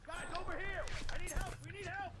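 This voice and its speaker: A woman's voice: extremely high pitch, steady tone, fairly quick. A woman voicing a panicked, alarmed guard in a video game, calling out for help while hunting an intruder. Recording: distant game audio under loud noise.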